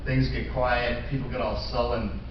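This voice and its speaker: A man in his sixties telling animated stories on a convention panel, with shouted impressions. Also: medium pitch, normal speed. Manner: animated anecdotes, shouted impressions, frequent laughter. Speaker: panel guest, actor. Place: large convention hall. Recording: echoey hall, far off, muffled, noisy fan video.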